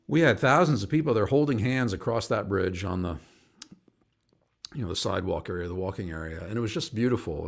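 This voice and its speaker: A man's voice: deep voice, gravelly. A middle-aged man, a singer and activist, rambles and chuckles as he tells stories and greets viewers by name on his live online show. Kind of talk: casual live-stream storytelling.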